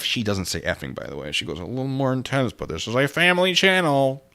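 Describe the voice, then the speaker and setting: A man's voice: medium pitch, fast talker. A man giving sarcastic live-stream commentary at a desk microphone, with joking asides, and stopping to read chat and thank viewers for donations. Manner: sarcastic, animated, laughing asides; reads donations and chat aloud.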